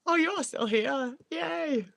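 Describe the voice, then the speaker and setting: A woman's voice: high-pitched, lively intonation, slow, creaky, fairly bright tone, no room sound. A sweary, rambling woman streamer, dry close sound. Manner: rambling, swears freely, stumbles over words. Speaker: livestreamer reading chat. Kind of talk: casual livestream chat.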